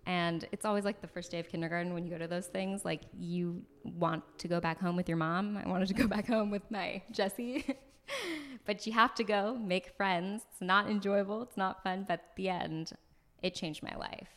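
A woman from Los Angeles, a podcast guest, telling a story in a chatty, animated way, full of likes and ums, recorded in an apartment. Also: mid-range voice, normal speed. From Los Angeles, USA. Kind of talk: casual conversational storytelling. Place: floor of a new apartment.

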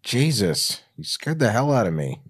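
Man reading a deadpan sarcastic bookish teen. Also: mid-range voice, moderate pace, breathy edge, dry recording. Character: dry sarcastic bookish teenage boy.

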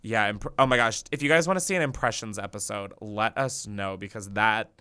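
A woman co-hosting a casual podcast chat, giggly and swearing, swinging between loud bursts and mumbled asides. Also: rumbling low, fairly quick, smooth. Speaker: podcast co-host.

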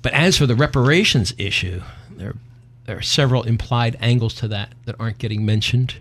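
Man, talk show host, folksy, opinionated, mid pitch. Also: fairly quick, fairly bright tone. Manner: folksy, opinionated, half tongue-in-cheek. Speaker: podcast host. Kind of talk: casual talk show banter.

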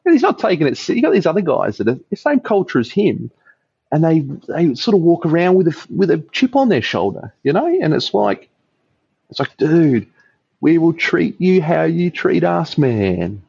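A man's voice: fairly high pitch, huge pitch swings, brisk, creaky, a little mellow, slightly rough, dry recording, highs cut off. A man with an Australian accent, a podcast guest chatting casually over beers, rambling, swearing freely and laughing a lot.

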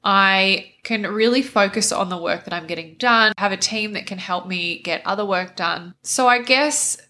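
A woman's voice: medium pitch, moderate pace, bright, forceful tone. A young woman hosting a casual solo podcast, sounding nasal after recent nose surgery and chatting with lots of "like" and "kind of". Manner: chatty, uses many fillers like "like" and "kind of". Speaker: podcast host.

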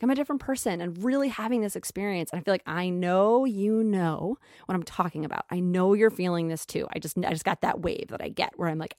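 A woman talking in an earnest, emotional way about her spiritual growth. She often repeats phrases and goes soft and slow. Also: on the low side, no room sound, clean studio sound. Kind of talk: reflective spiritual monologue.

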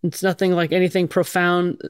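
A woman's voice: fairly low pitch, flat delivery, normal speed, clear, resonant tone, no room sound, clean studio sound. A middle-aged woman firefighter telling her own story in a blunt, casual way, swearing freely and using many fillers. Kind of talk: candid conversational storytelling.

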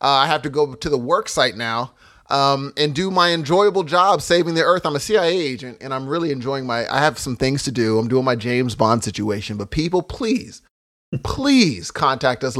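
A man's voice: on the high side, a bit bright. A man co-hosting a podcast in casual chat, jokey and boastful. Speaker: podcast co-host.

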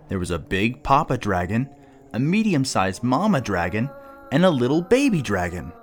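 A man reading a children's story aloud, expressive and storybook-style. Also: mid-range voice.

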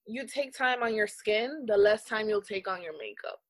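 A woman guest on a podcast, chatting casually about skincare in a lively, slangy way, acting out what others said. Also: medium pitch, normal speed, dry recording. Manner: animated, acts out quotes, slangy. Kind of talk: casual chat.

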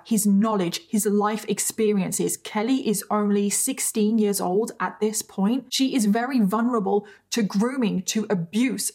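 A woman's voice: mid-range voice, a little mellow, breathy edge. A woman narrating a true crime vlog in a passionate, indignant way. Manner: passionate, indignant, fast-talking.

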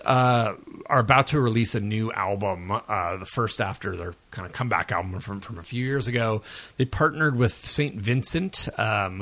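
Jet-lagged male podcast co-host, low-pitched, rambling and self-mocking. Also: fairly bright tone. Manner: rambling, self-deprecating, many fillers. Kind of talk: casual pop culture chat.

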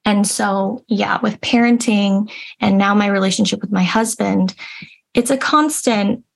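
A woman's voice: medium pitch, fairly even intonation, measured pace, vocal fry. A young adult woman speaking earnestly and reflectively as an interview guest, with frequent restarts. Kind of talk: casual interview conversation.

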